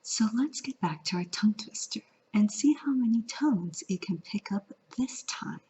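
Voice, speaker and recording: A woman's voice: medium pitch, expressive, normal speed, dark tone, husky, in a whisper. A woman from California teaching a vlog lesson, playful and singing out the example tones. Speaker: Mandarin teacher. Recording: lo-fi audio.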